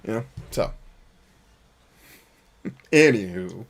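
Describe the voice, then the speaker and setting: A man hosting a live stream in casual chat, talking bluntly and profanely, laughing often and bursting into shouts when he acts out a scene. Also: on the low side, expressive, drawn-out words, creaky. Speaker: streamer and gaming show host.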